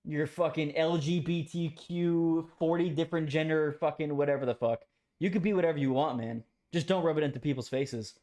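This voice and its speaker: A man's voice: on the high side, darkish tone. A young man in a heated, profane casual rant as a streamer. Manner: profane, ranting, emphatic.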